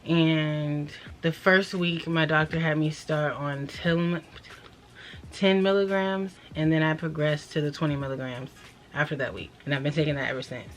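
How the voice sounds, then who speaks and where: A young woman vlogging casually to a camera propped up at home, chatty, scattered and apologetic as she talks. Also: deep voice. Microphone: camera propped up nearby. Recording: noisy home recording.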